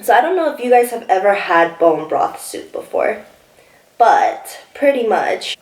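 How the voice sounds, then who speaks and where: A bubbly, excitable young woman hosting a casual mukbang, chatting about her food and laughing often. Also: on the high side, a little slow, slight background noise. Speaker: mukbang host. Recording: echoey room, mic somewhat distant.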